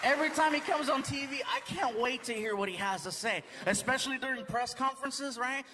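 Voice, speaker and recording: High-voiced laughing stand-up comedian man. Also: brisk. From United States. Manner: lively, playful, laughing at his own jokes. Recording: live club recording with loud crowd. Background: audience laughter and noise.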